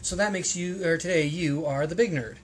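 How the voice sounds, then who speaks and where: A man's voice: fairly high pitch, fairly quick, slight background noise. A man hosting a casual podcast, rambling and hesitant, with plenty of restarts and ums. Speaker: podcast host.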